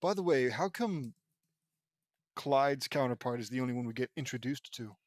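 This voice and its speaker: A man's voice: medium pitch, animated, normal speed, no room sound, studio quality. A young man reading his fan fiction aloud, breaking off with rambling, sarcastic asides and swearing. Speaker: audiobook reader.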